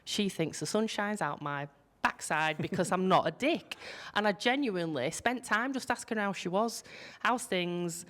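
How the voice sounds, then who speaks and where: A woman's voice: medium pitch, normal speed, a bit bright. A woman with a Yorkshire accent, talking on a business panel in a blunt, salty storytelling way, swearing freely. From Yorkshire, England. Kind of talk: casual panel discussion.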